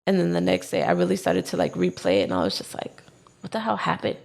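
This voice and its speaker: A woman's voice: low-pitched, fast, vocal fry. A young adult woman on a podcast, telling a personal story in casual chat and acting out what people said. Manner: animated, acts out what she and others said. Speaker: podcast co-host.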